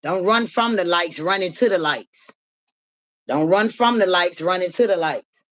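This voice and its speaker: A woman's voice: fairly low pitch, animated, a little slow. Hype-chanting woman live streamer. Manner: repetitive, rhythmic, profane hype chants.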